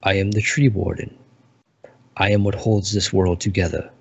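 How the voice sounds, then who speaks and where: A man voicing an ancient, solemn male elf who guards a great tree, speaking gravely in a tabletop game. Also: low-pitched, fairly even intonation, moderate pace, exaggerated voice. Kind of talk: tabletop role-play voicing. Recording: muffled lo-fi recording.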